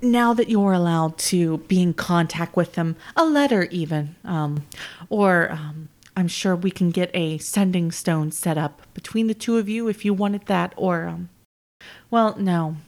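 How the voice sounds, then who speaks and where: A woman voicing a flustered woman speaking to her ex-partner, halting and correcting herself with many pauses. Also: fairly low pitch, darkish tone, voice pushed down. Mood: hesitant. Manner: halting, hesitant, many ums and self-corrections.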